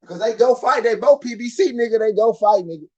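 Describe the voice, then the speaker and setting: A man with a Southern US accent hosting a casual live boxing chat, animated and repetitive, swinging from muttering to loud outbursts. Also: sits high, a little fast, dull audio. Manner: animated, swings from muttered to shouted, laughs often, repeats himself. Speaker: boxing show host.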